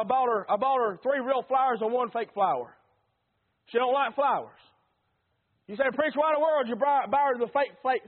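A Southern preacher with a very high voice delivers a folksy sermon full of repeated refrains. He sounds middle-aged, and the recording is thin and tinny, like a phone line. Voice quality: folksy, repetitive preaching cadence. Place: church.

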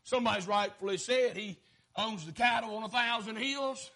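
A man preaching a fervent sermon, swinging from shouted lines down to low, quiet ones. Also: moderate pace.

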